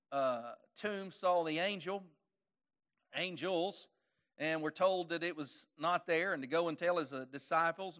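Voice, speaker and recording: A high-pitched man preaching a sermon. He tells the story in a homespun, folksy way, with his voice surging up loud and then sinking back low. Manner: folksy storytelling, voice rising to forceful peaks and dropping low.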